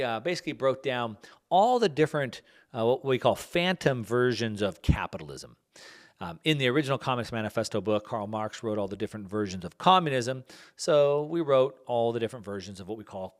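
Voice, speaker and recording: A man hosting a podcast, talking off the cuff in a rambling way, with many fillers and restarts. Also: mid-range voice. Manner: plugs his own book. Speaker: podcast host. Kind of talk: casual podcast monologue.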